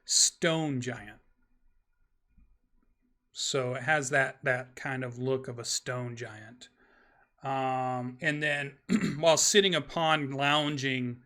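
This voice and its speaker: A man's voice: medium pitch, bright, forceful tone. A man narrating a tabletop game as game master, rambling and hesitant with many fillers. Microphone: streaming microphone.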